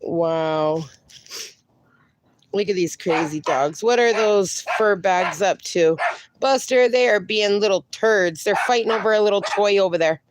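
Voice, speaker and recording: A woman's voice: mid-range voice, unhurried, background noise. A woman hosting a casual livestream, reading viewer comments aloud and cooing at her dogs, a little sniffly from allergies. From USA. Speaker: livestream host.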